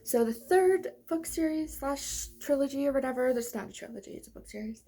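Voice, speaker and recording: Breathless and brisk, a young book vlogger with a high, expressive, warm voice gushes about her favorite books in a casual review. She rambles, using lots of fillers and starting sentences over.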